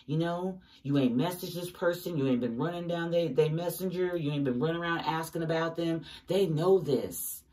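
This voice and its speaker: A woman's voice: low voice, moderate pace, hardly any pauses, warm tone, far from the mic. Profane, emphatic woman reading tarot. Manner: emphatic, swears often, talks straight to viewers. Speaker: tarot reader.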